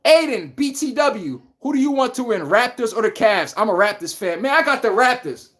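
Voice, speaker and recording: A man hosting a live basketball talk stream, animated and trash-talking, laughing often and answering viewers by name. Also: very high-pitched, normal speed. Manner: addresses chat viewers by name. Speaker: podcast host. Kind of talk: casual live sports talk.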